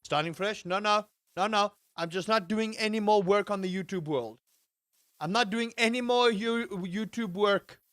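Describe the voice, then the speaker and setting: Man, livestream host, casual chat, high-pitched, playful, mock-outraged rants. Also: normal speed, fairly bright tone, no room sound, studio quality. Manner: reads out and answers chat.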